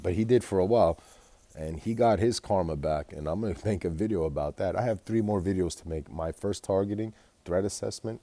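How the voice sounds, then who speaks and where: A man's voice: low voice, warm tone, no room sound. A man telling a rambling, profane personal story in a vlog, agitated and full of fillers. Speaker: vlogger.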